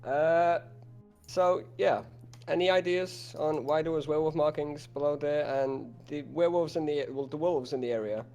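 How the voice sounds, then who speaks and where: A man's voice: a little high, moderate pace, a little mellow, faint music behind. A man playing a tabletop game over voice chat, talking in a chuckling, hesitant way with many fillers. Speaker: player. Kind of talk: casual tabletop game play.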